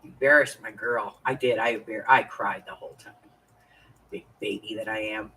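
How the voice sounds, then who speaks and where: A woman's voice: a bass voice, steady tone, normal speed, bright, forceful tone, husky. A woman in her fifties hosting a crafting live stream, chatting in a confiding way and greeting viewers by name. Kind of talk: casual chat while crafting. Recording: voice a bit far from the mic.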